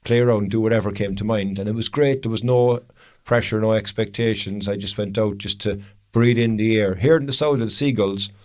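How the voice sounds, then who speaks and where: Low-voiced enthusiastic Irish co-host. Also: male voice, steady tone, fairly quick. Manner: enthusiastic storyteller, says "man" and "you know". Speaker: podcast co-host and photographer. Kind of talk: casual chat.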